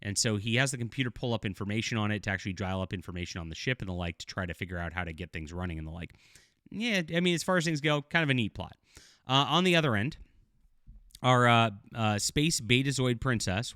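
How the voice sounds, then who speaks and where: A man's voice: fairly low pitch, expressive, fast, sharp tone, no room sound, studio quality. A middle-aged man giving casual video commentary as a TV show reviewer, blunt and critical, rambling with fillers.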